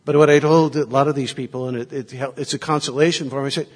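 A Catholic priest delivers a sermon full of anecdotes from his ministry, speaking reflectively and slipping in and out of quoted voices. His voice is mid-range and steady, he talks fast, and a long reverb tail trails his words.

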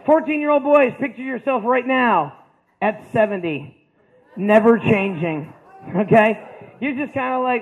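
A man with a high voice tells a school audience about his life, joking loudly and then dropping to a quieter, plainer tone. The sound is narrow and tinny, as if carried over a phone line. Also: unhurried. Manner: animated, joking, shifts between loud punchlines and quiet stretches. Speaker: motivational speaker. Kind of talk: storytelling talk to students.

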